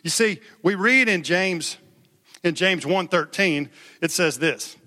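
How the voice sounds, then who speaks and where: A man's voice: high voice, slow, sharp tone. A male pastor preaching a sermon in an emphatic, conversational way, calling on the congregation to respond. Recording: long hall reverb.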